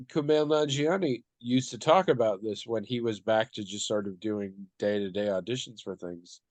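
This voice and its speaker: A man co-hosting a podcast, talking through a question in a thoughtful, measured way. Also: lowish voice, a little mellow, no echo. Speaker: podcast co-host. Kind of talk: casual discussion.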